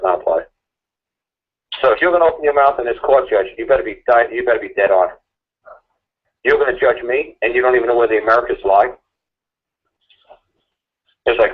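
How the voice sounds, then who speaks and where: A man ranting and arguing in a repetitive, mocking way as a guest on a call-in talk show. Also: mid-range voice. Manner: rapid, repetitive, mocking, argumentative. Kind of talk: impassioned ranting chat. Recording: tinny phone line.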